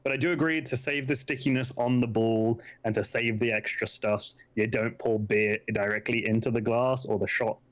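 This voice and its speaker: A man's voice: mid-range voice, fairly even intonation, normal speed, few pauses. Laughing man chatting. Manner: laughs often, playfully teasing. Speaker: livestream co-host. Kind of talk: casual chat.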